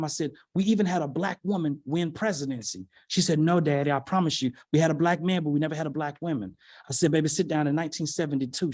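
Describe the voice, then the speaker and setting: A man telling a personal story as a motivational speaker in a virtual keynote, animated and calling out to his audience. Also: high-pitched. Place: virtual event from home.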